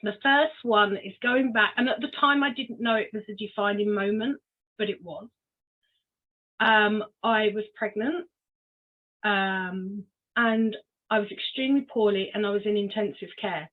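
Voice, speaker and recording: An older woman from Cornwall shares her story as a podcast guest. She speaks at a middle pitch, unhurried and reflective, with many small ums, and the sound is thin and boxy, like a phone call. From Cornwall, England. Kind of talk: personal story in a podcast interview. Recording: tinny phone-like line.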